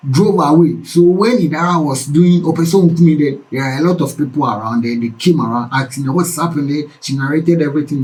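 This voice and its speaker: A man's voice: fairly high pitch, darkish tone, poor audio. A man retells a news story informally, with asides and dramatic repetition.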